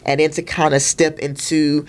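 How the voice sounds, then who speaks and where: A middle-aged woman with a fairly low voice, chatting easily as a podcast guest about her Navy years. She talks casually, with slang, and jumps into animated impressions of the people in her stories. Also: normal speed. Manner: casual, uses everyday slang. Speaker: podcast guest, retired Navy master chief. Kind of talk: casual storytelling conversation.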